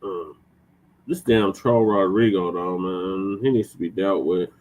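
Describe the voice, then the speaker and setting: A man with a lowish voice comments on the news in a blunt, exasperated way. He speaks casually on a talk show. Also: steady tone, measured pace, darkish tone, rough recording. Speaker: co-host.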